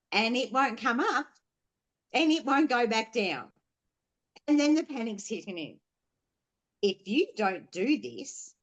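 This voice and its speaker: A woman on a podcast, telling a personal story candidly, swearing freely and rambling with fillers. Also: medium pitch. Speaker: podcast guest.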